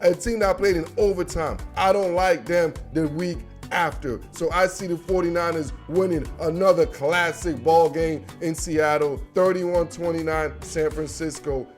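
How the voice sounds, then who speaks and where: A man's voice: fairly high pitch, fairly even intonation, normal speed, few pauses, soft background music. A man hosting his own sports predictions show, talking casually and slangily with lots of bro and man. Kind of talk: casual monologue.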